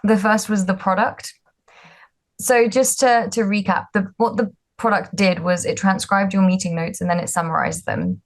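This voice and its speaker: A woman's voice: mid-range voice, expressive, moderate pace. A woman, a startup founder telling her story in a casual interview, chatty and self-deprecating with frequent ums and likes. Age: 20s.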